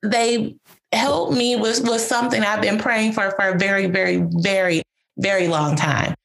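A woman's voice: mid-range voice, steady tone, moderate pace, creaky, a bit bright. A woman guest telling a personal answered-prayer story in a casual, emotional, rambling way, with a lot of "like". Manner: emotional, rambling, heavy use of "like".

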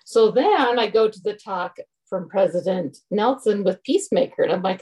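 A woman's voice: medium pitch, animated, normal speed, darkish tone, slightly rough, low-quality recording. A middle-aged woman telling a frank, exasperated personal story to a group. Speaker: group member sharing. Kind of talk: casual personal sharing.

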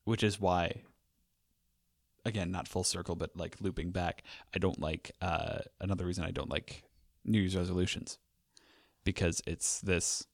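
A man's voice: sits low, steady tone, normal speed, no room sound, studio quality. A young man hosting a podcast, talking casually in a rambling, wry way with lots of fillers. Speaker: podcast host. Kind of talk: casual conversational chat.

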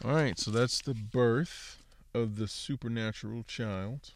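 A Bible teacher with a medium-pitched voice speaks a little slowly. He gives a casual scripture lesson, working through Hebrew word studies and saying "so" and "okay" a lot.

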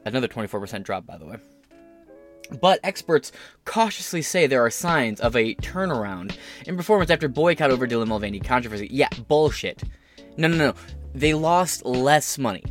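A man's voice: medium pitch, lively intonation, normal speed, soft background music. Sarcastic, profane male podcast host. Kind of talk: opinionated news commentary.

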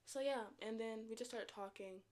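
A woman's voice: on the high side, moderate pace, darkish tone. A young woman in her late teens chatting casually as a co-host, telling a dating story with frequent laughs and acted-out quotes. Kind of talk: casual chat.

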